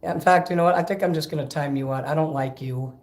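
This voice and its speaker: A man's voice: a little high, fast. A man ranting profanely and rambling in a casual livestream between karaoke songs. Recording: echoey room over karaoke backing music.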